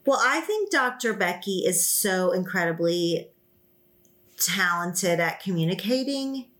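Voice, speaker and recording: A woman's voice: on the low side, very animated, unhurried, fairly bright tone. A woman hosting a podcast, talking in a thoughtful, conversational way. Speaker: podcast host. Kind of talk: casual book chat.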